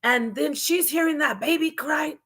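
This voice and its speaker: Woman, live stream host, casual emotional commentary, fairly high voice, many restarts. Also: normal speed, a bit bright. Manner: emotional, talks to chat, restarts often.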